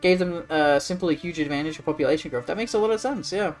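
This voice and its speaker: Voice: mid-range voice, fast talker, soft background music. An Australian streamer chatting casually during a live strategy game, answering chat in a rambling way with plenty of swearing.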